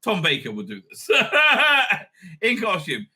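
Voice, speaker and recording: A middle-aged man talks through a casual live-stream review, rambling, swearing and laughing at his own jokes. His voice sits high and swings widely in pitch. It sounds bright and sharp. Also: huge pitch swings, takes it slowly, slightly rough. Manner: rambling, profane, laughing often. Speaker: rabbi and show host.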